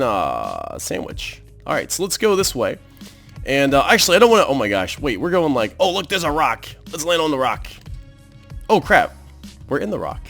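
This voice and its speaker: A man hosting a let's play, giving excitable gameplay commentary and exclaiming at what he sees on screen. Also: mid-range voice.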